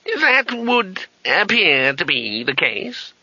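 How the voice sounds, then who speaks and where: A man voicing a pompous elderly male wizard master who speaks slowly and haughtily. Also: sits high, very animated, pushed and bright, no room sound, pitched above the performer's own voice, heavily acted. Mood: haughty. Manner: haughty, slow, drawling. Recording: slightly dull, dry audiobook recording.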